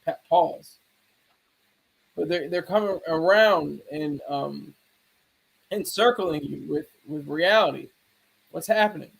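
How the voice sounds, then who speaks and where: Man with a high voice, casual livestream commentary, rambling, chatty with viewers. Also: slow, creaky, pauses often, breathy edge. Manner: rambling, restarts sentences, talks to chat by name. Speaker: streamer.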